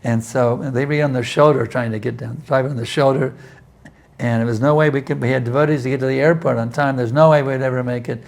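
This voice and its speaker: With a mid-range voice touched by vocal fry, a man teaches an informal scripture class, answering questions at a quick pace and fairly even intonation. His talk is loose and conversational, with frequent "you see" asides, restarts, and moments of intense, acted-out prayerful pleading.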